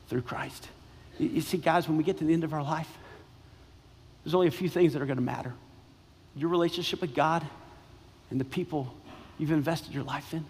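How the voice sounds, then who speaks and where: A man preaching in a high, ringing voice, building his points through repeated phrases and long pauses. His sermon carries the long reverb of a large church sanctuary. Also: husky. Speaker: pastor.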